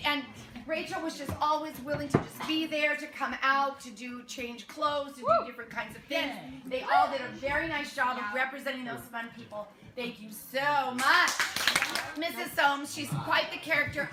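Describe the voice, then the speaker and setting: A woman directing a youth theater show, talking casually to her cast with warm praise, much laughter and many fillers. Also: sits high. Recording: echoey room, noisy.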